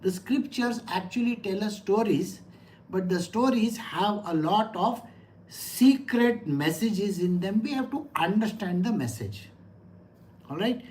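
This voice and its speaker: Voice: medium pitch, expressive, a little slow, a little mellow, a little hiss or hum. A middle-aged spiritual teacher gives a conversational scripture lecture, asking listeners rhetorical questions and telling personal anecdotes.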